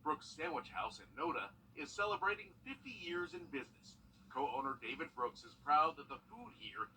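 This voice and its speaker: A man's voice: fairly high pitch, big pitch swings, normal speed, sharp tone, distant mic, slight background noise, low-quality recording. A man narrating a lighthearted news feature in an upbeat storytelling manner. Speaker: news reporter.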